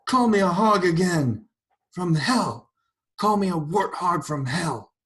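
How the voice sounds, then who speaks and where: A self-righteous farm wife, as a male lecturer puts her on, her voice pitched well up and pushed loud. She rails and hollers toward the sky with wounded pride. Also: expressive, takes it slowly, exaggerated voice. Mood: furious. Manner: railing, shouting at the sky. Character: indignant self-righteous middle-aged farm woman.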